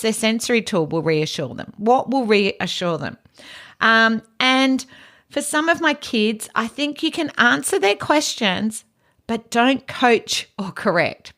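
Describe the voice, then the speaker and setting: A woman with an Australian accent hosting a teaching podcast, giving practical advice in a calm, soft, low-key way. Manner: practical advice, frequent "you know". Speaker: podcast host and educator.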